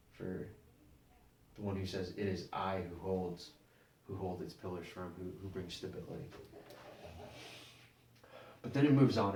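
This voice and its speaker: A man preaching a sermon, halting and repeating words as he explains scripture. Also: fairly low pitch, a little mellow, a little hiss or hum. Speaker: pastor. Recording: echoey room, mic at a distance.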